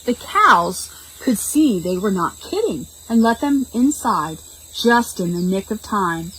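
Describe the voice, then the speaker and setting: A woman reading a picture book aloud to preschool children in a slow, expressive storytime voice and stopping to explain words. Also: mid-range voice, slight background noise, poor audio. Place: public library.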